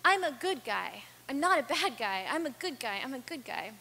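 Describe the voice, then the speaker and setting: A woman's voice: high-pitched, big pitch swings, normal speed, gravelly, bright, forceful tone, full character voice. A woman voicing a small, earnest seven-year-old boy who insistently repeats himself. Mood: pleading. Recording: reverberant hall with faint hum.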